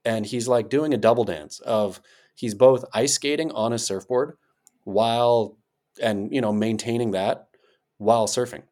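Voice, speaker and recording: An American man co-hosting a podcast, riffing in a playful, rambling way with sudden jumps in pitch. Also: a little slow, darkish tone. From United States. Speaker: podcast co-host. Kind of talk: casual chat.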